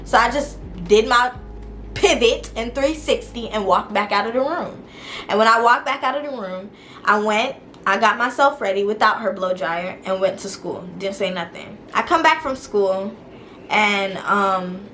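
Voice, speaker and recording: A young woman tells her viewers a personal story in a loose, animated storytime manner. Her voice sits at an ordinary middle pitch, with a faint hiss of noise behind her. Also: normal speed. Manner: animated, talks straight to viewers. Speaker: vlogger. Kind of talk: casual storytime.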